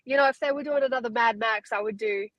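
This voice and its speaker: A woman's voice: a little high, quick pace, a bit bright, no echo, poor audio. A woman from Australia with an Australian accent, chatting casually as an interview guest and laughing easily. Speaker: guest, fighter.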